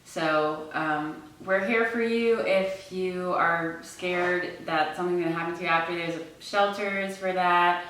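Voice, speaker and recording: A woman's voice: on the low side, steady tone, a little slow, hardly any pauses, a bit bright, distant mic. A young woman co-hosting a vlog, chatting casually and restarting her sentences as she goes. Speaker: vlog co-host. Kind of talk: casual storytelling to camera. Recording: echoey room, away from mic.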